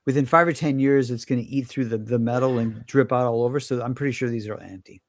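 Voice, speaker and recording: A man hosting a podcast in a dry, close-sounding recording with no room echo. He talks in a rambling way, with halting restarts, while leading the discussion. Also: mid-range voice, steady tone. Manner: rambling, halting restarts, poses questions to guests. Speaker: podcast co-host. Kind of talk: casual chat.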